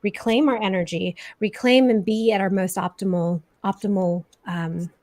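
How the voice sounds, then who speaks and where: A woman's voice: medium pitch, fairly even intonation, moderate pace, darkish tone, no room sound. Reflective woman host, dry close sound. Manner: reflective, repeats words for emphasis. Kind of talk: casual chat.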